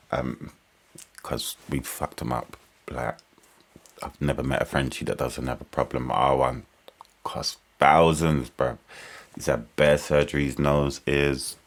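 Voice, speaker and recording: A man hosting a reaction video, chatting casually with swearing and rambling asides. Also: extremely low pitch. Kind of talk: casual chat.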